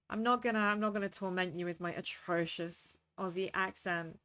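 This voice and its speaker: Playing a game on stream, this woman keeps up casual commentary and chats with her audience, breaking off from reading game lines to talk to chat. Her mid-range voice has a fairly bright, steady tone at normal speed, with hardly any pauses.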